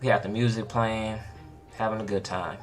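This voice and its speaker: A young man casually telling a true story, laid-back and slangy, rising into a higher voice when he acts out his own panic. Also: steady tone, moderate pace, faint music behind. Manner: laid-back slangy talk with many likes and restarts.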